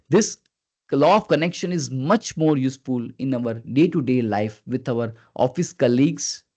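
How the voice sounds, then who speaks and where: A man leading a live online training session as a communication skills trainer, earnest and coaxing, who keeps prompting his listeners and swings his pitch up and down on purpose. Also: darkish tone. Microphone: video call. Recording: dull lo-fi video call audio.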